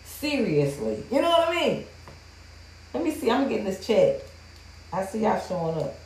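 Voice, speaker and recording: A woman's voice: mid-range voice, very animated, normal speed, darkish tone, a little hiss or hum. A woman hosting a livestream, ranting in a blunt, profane, heated way to her viewers. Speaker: livestream host. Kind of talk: casual livestream rant. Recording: roomy echo.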